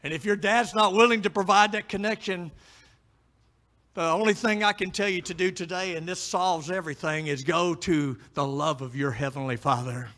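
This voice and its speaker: A middle-aged man preaching with a high, bright voice. He moves from hushed pleading to loud, emphatic exhortation. His delivery is a pastor's full sermon address. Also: normal speed.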